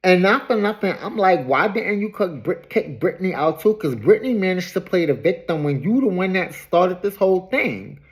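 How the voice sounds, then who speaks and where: Animated woman gossiping through an episode recap. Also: fairly low pitch, moderate pace, few pauses. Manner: animated, gossipy storytelling with dramatized quotes. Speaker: show recap vlogger.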